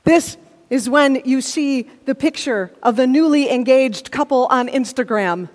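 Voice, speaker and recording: A woman's voice: high voice, unhurried, darkish tone. Earnest woman preaching in a reverberant hall. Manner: earnest, builds to emphatic intensity. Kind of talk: sermon with scripture reading. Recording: long reverb of a large hall.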